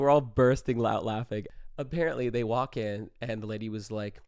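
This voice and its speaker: A man's voice: on the low side, steady tone, moderate pace, hardly any pauses, darkish tone, clean tone, no echo, clean studio sound. A young man in his twenties casually telling a funny story, laughing as he goes, swearing freely and saying "like" a lot.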